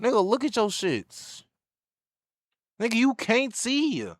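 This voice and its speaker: A man's voice: extremely high pitch, very animated, takes it slowly, dry recording, clean studio sound. A young man streaming himself as he reacts to a video, talking in loose slang and often laughing. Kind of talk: casual reaction chat.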